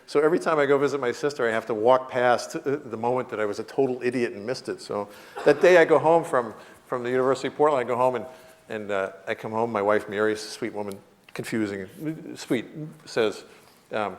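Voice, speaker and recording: In his fifties, a man gives a university guest lecture full of comic anecdotes, acting out the voices and laughing often. His medium-pitched voice has lively intonation, and he speaks at a quick pace.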